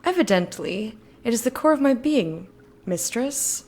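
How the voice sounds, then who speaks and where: A woman's voice: a little high, sing-song, measured pace, vocal fry, darkish tone, full character voice. A woman voicing a polite, deferential male robot servant who speaks formally. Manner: formal, always says mistress.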